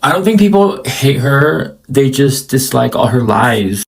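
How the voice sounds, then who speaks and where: A man's voice: medium pitch, very animated, measured pace, creaky, rough recording. Matter-of-fact man commentator. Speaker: social media commentator.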